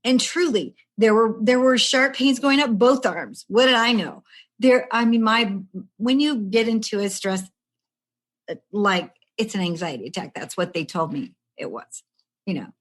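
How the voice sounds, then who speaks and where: Her voice runs on the high side at a moderate pace as this stress management coach in her sixties tells a personal story in a podcast conversation. She acts out each person's voice with lively energy and laughter.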